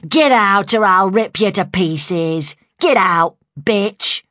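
A woman voicing a gruff, menacing male alter ego who growls and snarls threats. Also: medium pitch, expressive, slow, a bit bright, dry recording, clean studio sound, voice pushed up. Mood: snarling furious.

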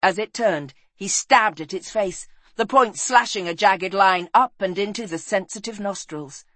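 A woman narrating a fantasy adventure book, reading expressively and dropping low and soft in the sad passages. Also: unhurried, no room sound. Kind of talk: dramatic storybook narration.

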